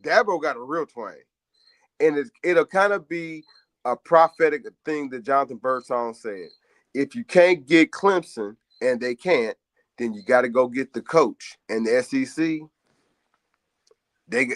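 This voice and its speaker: A man trades playful jokes and takes on a sports radio talk show. His voice sits at an everyday middle pitch. The recording is dry and close to the microphone. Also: measured pace, fairly bright tone, dry recording. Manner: joking, playful banter.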